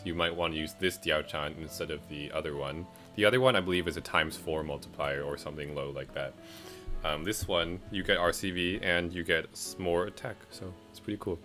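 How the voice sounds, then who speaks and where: Deep bright-toned man rambling about a game. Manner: rambling, many fillers and self-corrections. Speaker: game reviewer. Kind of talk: casual commentary. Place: home, music playing behind.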